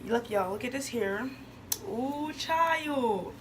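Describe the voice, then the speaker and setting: Excited young woman vlogger, slightly high. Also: slow pace, slight background noise. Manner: excited, chatty, addresses viewers as y'all. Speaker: beauty vlogger. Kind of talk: casual wig unboxing vlog.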